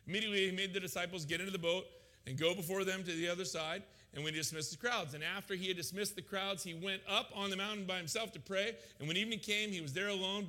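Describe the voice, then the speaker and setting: Animated high-voiced preacher in a reverberant hall. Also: male voice. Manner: animated, jokes with congregation, acts out voices. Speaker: pastor. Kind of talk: sermon.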